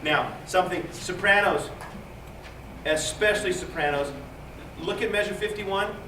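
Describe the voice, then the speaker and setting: A man's voice: high-pitched, unhurried. A man directing a choir rehearsal, encouraging and repeating himself, singing short phrases to show how they should go. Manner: encouraging, repeats words, sings phrases to demonstrate. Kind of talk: choral rehearsal instruction. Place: large rehearsal hall. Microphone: distant recorder. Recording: echoey hall from far off, hissy.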